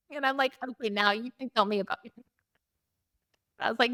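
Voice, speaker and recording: A middle-aged woman telling a chaotic travel story in a casual chat, animated and laughing often, acting out quotes in a higher voice. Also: measured pace, pauses often. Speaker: podcast host.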